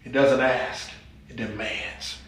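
A man's voice: medium pitch, steady tone, slow, a bit bright, heavy reverb, slight background noise. A man preaching a sermon as pastor, folksy and humorous, with rising exclamations.

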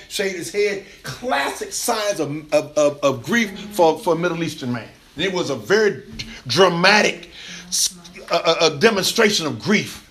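A man's voice: on the high side, a little hiss or hum. A male pastor preaching a sermon in a loose, conversational way. He laughs often and keeps restarting his phrases. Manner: animated, laughing colloquial preaching with many restarts.

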